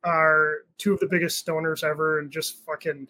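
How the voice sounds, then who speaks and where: A man's voice: on the high side, level tone, moderate pace, pushed and bright, low-quality recording. A young man talking as a podcast guest in a casual, rambling way, with fillers and swearing. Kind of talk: casual chat.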